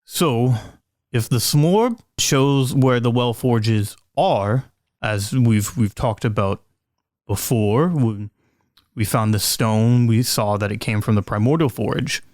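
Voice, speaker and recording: A man voicing a waddling, befuddled male character in a tabletop game, talking in a halting, puzzled way. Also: mid-range voice, darkish tone, dry recording, clean studio sound, close to an everyday voice. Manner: halting, puzzled, asks for explanations. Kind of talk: tabletop role-play voicing.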